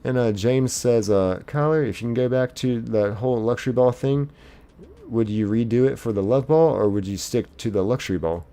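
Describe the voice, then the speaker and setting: A man's voice: mid-range voice, vocal fry, mellow. A man streaming live, casually reading viewers' chat messages aloud in a chipper lilt and chatting back.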